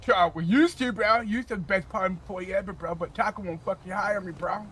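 A man's voice: high voice, fairly quick, fairly bright tone. A man in improvised game role-play, talking in a cocky, boastful way and ending his lines with "bro".

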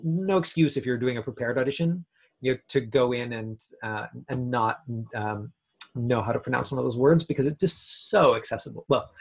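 A man's voice: medium pitch, breathy edge. A man teaching an acting class over a video call, in a chatty way with lots of fillers. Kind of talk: casual online class talk.

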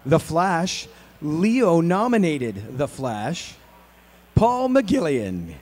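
Giggly convention panel host. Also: female voice, sits low, very animated, extremely slow, a little mellow. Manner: giggly, loose, stumbles over words. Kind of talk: casual interview hosting. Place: convention hall.

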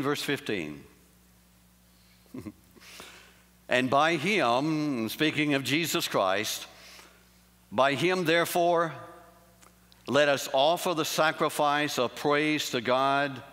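Bright, emphatic middle-aged preacher. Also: male voice, fairly high pitch. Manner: folksy storytelling, rising to emphatic praise. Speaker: pastor. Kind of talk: sermon. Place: large camp meeting hall. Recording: long hall reverb.

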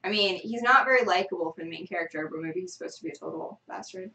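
A woman's voice: lowish voice, fast, sharp tone, recorded from a distance, rough recording. A woman co-hosting a live screenwriting show, musing casually and hesitantly. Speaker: co-host. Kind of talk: live chat critique.

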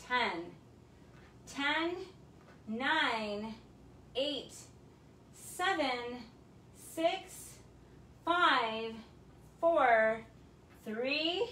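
A woman coaches viewers through a bodyweight routine, short of breath as she counts reps aloud and cheers them on from her un-air-conditioned home garage. Her voice is mid-range and a bit bright. The mic sits at a distance, so the garage sounds echoey, with slight background noise.

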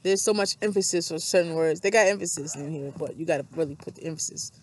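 A woman's voice: low-pitched, fast, slight background noise. Woman rambling through a reflective monologue. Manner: rambling, repetitive, self-reflective, thinking aloud. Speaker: vlogger reading scripture aloud. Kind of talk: casual rambling monologue with reading aloud.

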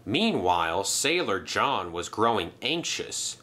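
A young man narrating a toy train story in a dramatic, animated way. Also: a little high, unhurried.

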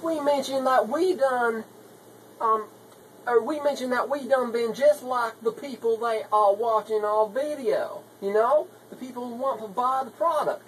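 A woman's voice: on the high side, measured pace, a little hiss or hum, close to an everyday voice, low-quality recording. A woman playing a scheming country wife with a put-on rural Southern US hick accent. She rambles in a folksy way and calls everyone honey. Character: scheming country wife pitching web-marketing tricks. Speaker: comedy video maker. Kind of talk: comedy sketch monologue.

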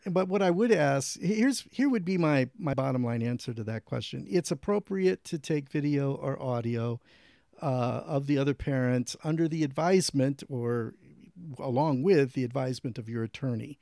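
A man who is a counselor and guest on a podcast, explaining things in an animated way. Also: medium pitch, normal speed, creaky, dry recording, studio quality. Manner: animated, acts out example conversations. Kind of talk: interview.

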